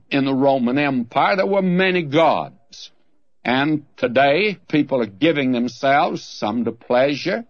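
An older man with a fairly high voice preaches a radio Bible sermon, earnest and folksy, pleading with his listeners. It's a dull, dry, lo-fi old radio recording without echo.

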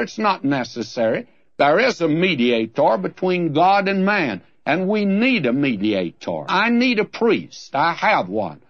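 A man's voice: fairly high pitch, dry recording. An older man preaching a radio Bible sermon, earnest and folksy, pleading with his listeners. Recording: dull, dry lo-fi old radio recording.

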